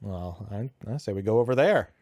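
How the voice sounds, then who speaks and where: A man's voice: lowish voice, animated, normal speed, a little mellow, no echo. A man co-hosting a game stream, playful and laughing easily in casual commentary. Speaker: gaming channel co-host.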